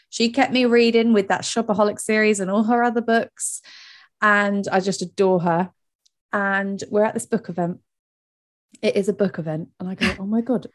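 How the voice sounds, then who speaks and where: Excitable woman co-host, quick to laugh, mid-range voice. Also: mid-range voice. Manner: excitable, gushing, laughs often. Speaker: podcast co-host. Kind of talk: casual chat.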